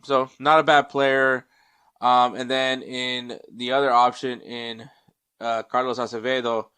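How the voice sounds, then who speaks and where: Here the sports podcast host sounds bright and forceful at a medium pitch, smooth and echo-free. The show is casual: he rambles through ums and false starts and occasionally turns away from the microphone to check stats mid-show.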